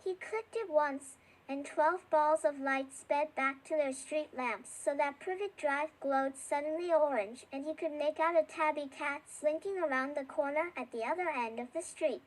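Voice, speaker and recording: A woman narrating a children's fantasy audiobook in an even, storytelling delivery. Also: high voice, moderate pace, hardly any pauses, low-quality recording. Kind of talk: scripted narration.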